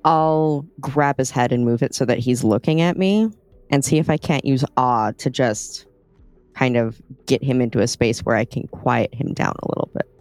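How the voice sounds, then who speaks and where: A player in a tabletop role-playing game, deliberately stating actions. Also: medium pitch, a little mellow, dry recording, faint music behind.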